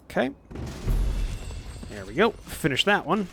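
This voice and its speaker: Relaxed man narrating his gameplay. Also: medium pitch, slow pace, pauses often. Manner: relaxed, reads dialogue aloud with filler words. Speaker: let's play host. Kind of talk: casual gameplay commentary.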